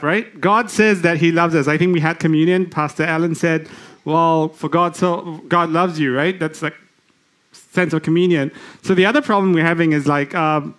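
Man preaching with a slightly high voice. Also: a bit bright. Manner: interactive, questions the congregation, halting restarts; reads scripture slowly. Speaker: lay preacher. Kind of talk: sermon.

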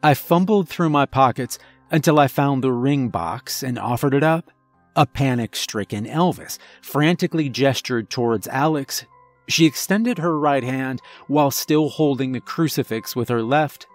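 A man narrating a first-person horror story in a measured, dramatic storytelling manner. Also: mid-range voice, no room sound, soft background music.

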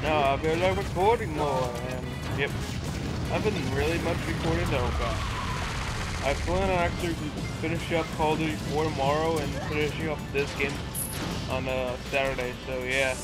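A teenage boy casually commenting on his video game play, goofy and excitable, swearing and breaking into silly shouts. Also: on the high side, normal speed. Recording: loud game music under voice. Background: video game music.

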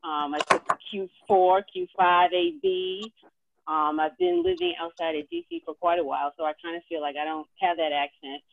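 A woman's voice: lowish voice, animated, normal speed, gravelly, dry recording. Queens woman on a tinny call. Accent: New York. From Jamaica, Queens, New York. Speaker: contest finalist. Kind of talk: video call chat. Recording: tinny dry call audio.

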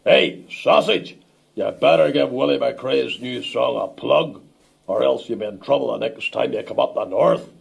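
A man playing a blustering old Northern Irish preacher-politician in a radio comedy sketch, with a gravelly Northern Irish voice and a gruff, crude, sarcastic manner. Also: medium pitch, normal speed. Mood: threatening.

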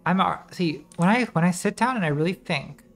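A woman's voice: fairly low pitch, animated, fairly quick, soft background music. A woman streamer giving casual, rambling commentary while playing a game, distracted and swearing as she talks to herself.

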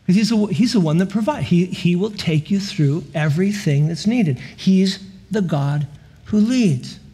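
A man preaching a sermon as guest pastor, animated and storytelling with laughs and playful sound effects. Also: high-pitched, unhurried, husky. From California. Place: church sanctuary.

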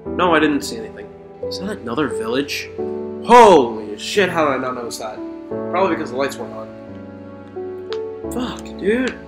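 Excitable, swearing young gamer man. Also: medium pitch, a little fast, long pauses. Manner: excitable, swears, talks to game mobs. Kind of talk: let's play commentary. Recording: roomy echo with faint music.

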